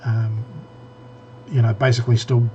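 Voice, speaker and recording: A man's voice: medium pitch, level tone, moderate pace, mellow, muffled recording, a little hiss or hum. A man co-hosting a casual tech podcast, rambling with many restarts and fillers. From New Zealand. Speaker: podcast co-host.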